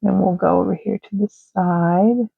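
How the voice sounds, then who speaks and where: A woman's voice: mid-range voice, steady tone, unhurried, gravelly, breathy edge, no echo. A woman, chatting and rambling casually while she colors, sometimes drifting into murmurs. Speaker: art channel host. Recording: tinny phone-like dry sound.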